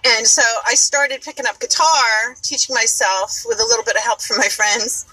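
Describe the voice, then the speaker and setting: A woman's voice: a little high, steady tone, moderate pace, bright, forceful tone, breathy edge, no room sound, soft background music, poor audio. A woman with a New York accent chatting casually while she drives, rambling and swearing freely, speaking as a podcaster. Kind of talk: casual chat while driving. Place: inside a moving car. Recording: car road noise behind. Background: car and road noise.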